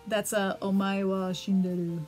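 A woman's voice: medium pitch, level tone, moderate pace, a little mellow, soft background music. A woman co-hosting a casual card-opening video, giggling and reading card names aloud. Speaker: co-host opening card packs. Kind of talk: casual chat.

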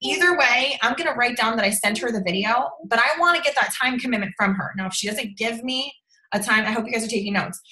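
A woman's voice: a little high, quick pace, sharp tone, low-quality recording. A woman giving casual coaching to a sales team over a livestream, chatty and bubbly, often checking in with "okay?".

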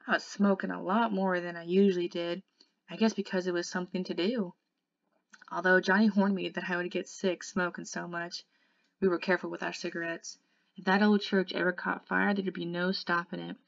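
Woman tutor, audiobook narration, low voice, dry dull sound. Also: flat delivery, fairly quick, gravelly, dry recording. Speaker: tutor reading a novel aloud. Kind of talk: audiobook reading, first-person narration.

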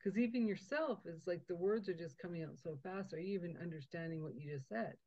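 A woman hosting a podcast, chatty and animated, laughing often as she tells stories. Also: lowish voice, fairly quick, dry recording, muffled recording. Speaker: podcast host. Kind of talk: casual interview chat.

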